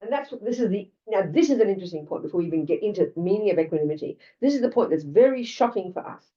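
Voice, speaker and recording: A woman's voice: medium pitch, lively intonation, racing, warm tone. An older Australian woman giving a Buddhist dharma talk in a blunt, conversational way, full of asides to her listeners. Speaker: Buddhist teacher. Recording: lo-fi, distant mic.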